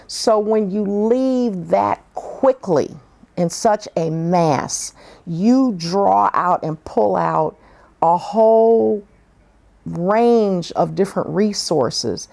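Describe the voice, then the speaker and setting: A woman giving an oral history interview, telling her experiences frankly and reflectively, with many pauses and fillers. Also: medium pitch, creaky, a little mellow. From northern United States.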